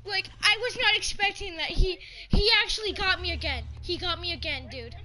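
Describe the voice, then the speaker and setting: A woman's voice: very high-pitched, brisk, bright, forceful tone, soft background music. A young woman chatting casually while playing a horror game, jumpy and slangy, shrieking when scared. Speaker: gamer. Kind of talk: casual gaming chat.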